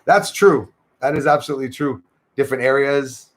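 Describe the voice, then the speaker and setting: A man's voice: medium pitch, brisk. A man with a Québécois French accent, casually chatting with viewers and thanking them by name on his livestream. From Quebec, Canada. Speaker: livestream host. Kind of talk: casual livestream chat reading comments.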